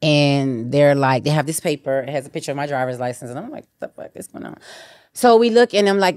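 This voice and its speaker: Animated woman telling a story. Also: quick pace. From Miami. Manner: animated, acts out quotes with sudden high exclamations. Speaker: guest rapper. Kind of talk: casual storytelling.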